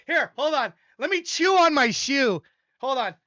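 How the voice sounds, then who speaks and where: A man's voice: extremely high pitch, sing-song, measured pace, bright, forceful tone, no echo, highs cut off. An older man hosting a live stream, rambling and self-deprecating, laughing often as he talks to his chat. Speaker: livestream host reviewing music submissions. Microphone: desk microphone.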